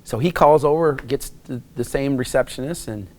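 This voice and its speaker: A man's voice: mid-range voice, moderate pace. A middle-aged man from Wisconsin, telling a rambling personal story in a casual interview, with many restarts. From Wisconsin, USA. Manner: rambling anecdotes with frequent restarts and acted quotes.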